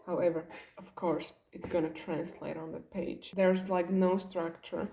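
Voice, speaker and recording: Young woman, mellow, rambling vlog chat in a roomy, echoey space. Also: lowish voice, flat delivery, measured pace, vocal fry, a little hiss or hum. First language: Slovak. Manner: rambling, all over the place. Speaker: vlogger. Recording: roomy echo.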